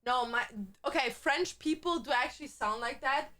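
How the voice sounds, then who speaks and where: A woman's voice: high-pitched, normal speed, sharp tone. A young woman streamer in casual livestream chat, talking in a chatty, crude way with lots of "like" fillers.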